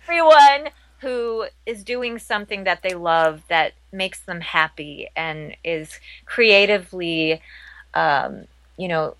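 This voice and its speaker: A woman's voice: on the low side, lively intonation, slow, a bit bright, dry recording, rough recording. A woman guest chatting casually in an interview, bubbly and laughing often. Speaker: interview guest, model and impressionist.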